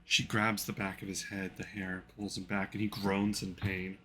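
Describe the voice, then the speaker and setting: A man's voice: sits low, flat delivery, moderate pace, over music. A man narrating a romantic tabletop one-shot as game master, in a casual, rambling way full of fillers.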